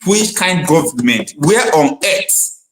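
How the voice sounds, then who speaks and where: A man's voice: a little high, animated, unhurried. A man hosting a livestream talk show about politics, speaking emphatically and with pointed questions. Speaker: host. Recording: roomy sound.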